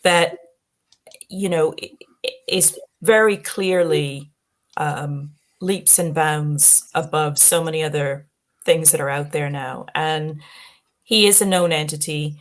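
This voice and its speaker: Low-voiced woman, halting panel chat. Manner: halting, many restarts and fillers. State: voice going tired. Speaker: podcast panelist. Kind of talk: casual chat.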